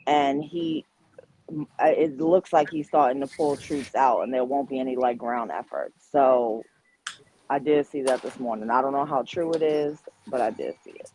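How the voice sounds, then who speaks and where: A man's voice: medium pitch, steady tone, moderate pace, darkish tone, rough recording. Man, hedging, tentative, casual chat, faint noise.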